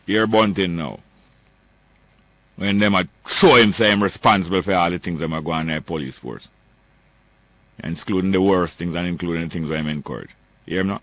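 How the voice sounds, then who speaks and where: Jamaican male host, ranting political commentary, low-pitched, repeats himself for emphasis. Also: fairly bright tone, no echo. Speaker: talk show host.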